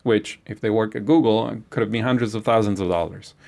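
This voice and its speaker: A man giving an informal lecture, blunt and animated, with frequent hesitations and some swearing. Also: on the low side, fairly quick, creaky.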